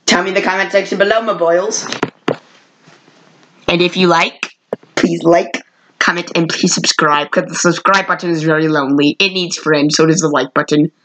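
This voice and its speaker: A woman's voice: on the low side, fairly even intonation, normal speed, background noise. Rambling casual woman vlogger. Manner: rambling, with frequent self-corrections. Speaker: vlogger reviewing old cartoons. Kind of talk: casual unscripted review.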